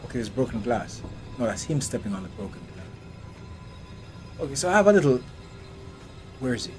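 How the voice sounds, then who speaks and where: A man's voice: mid-range voice, sing-song, a little fast, darkish tone. A man streaming a horror game live, talking to himself and taunting the enemy, swearing when things go wrong. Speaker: gaming channel host. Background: game music.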